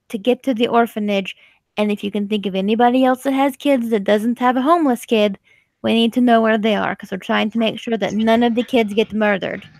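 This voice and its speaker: A woman speaks as a player in a tabletop role-playing game, urgent and eager to act. Her voice is a little high and recorded dry and close. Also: no echo.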